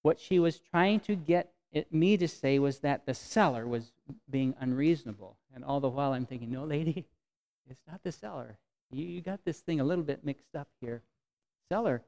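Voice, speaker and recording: A man preaching a conversational sermon to his congregation, telling stories with frequent restarts and swinging from soft to emphatic. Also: medium pitch. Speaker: pastor. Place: congregation meeting in a temporary venue.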